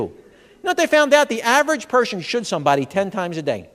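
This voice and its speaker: A man's voice: high voice, big pitch swings, fast. A man giving a comedic health seminar, firing jokey questions at the audience in a large expo hall. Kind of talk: stand-up style seminar talk. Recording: long hall reverb from a live venue.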